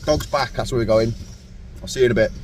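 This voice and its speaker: A man's voice: medium pitch, quick pace, darkish tone, slight background noise. A man hosting a fishing vlog in casual, jokey banter, often laughing and teasing his mate. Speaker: fishing video host.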